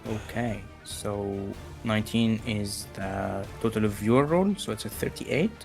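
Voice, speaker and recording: A man narrating as game master of a tabletop game, relaxed and full of fillers. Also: lowish voice, unhurried, gravelly, soft background music.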